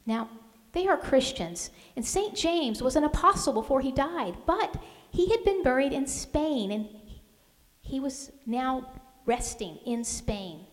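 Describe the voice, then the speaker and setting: A woman author giving a history lecture, telling the story expressively with dramatic readings. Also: high-pitched. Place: lecture hall at a museum. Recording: long hall reverb.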